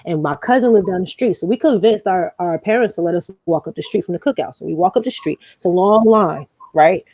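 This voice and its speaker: On a podcast, a young woman co-host tells a story in a loose, profane, animated way, slipping into the voices of the people she quotes. Her voice is mellow, warm and on the low side, and she talks a little fast. The recording is close and dry, with no room sound.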